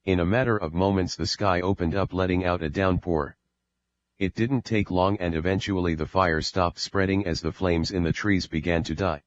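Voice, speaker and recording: A man reading an audiobook as narrator, in a steady, measured way. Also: deep voice, dull audio. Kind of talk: scripted narration.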